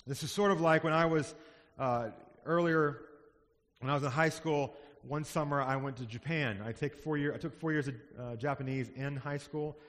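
A man's voice: a little high, normal speed, fairly bright tone. A man preaching a sermon as pastor, earnest and building to emphatic passages. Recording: long hall reverb.

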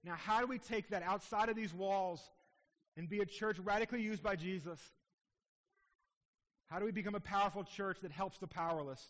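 A high-voiced man in his thirties delivers a sermon as pastor, urgent and impassioned, easing into hushed, tender passages. His voice rings through a church sanctuary, carried on a long hall reverb. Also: fairly quick, pauses often. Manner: impassioned preaching, softening to a hush at tender moments.

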